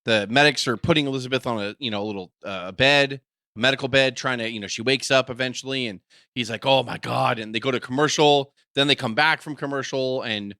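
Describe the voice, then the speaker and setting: A man co-hosting a podcast, retelling a story in an animated, irreverent, self-mocking way. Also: medium pitch, fairly quick, no echo, clean studio sound. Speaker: podcast co-host. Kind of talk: casual chat, retelling with voices.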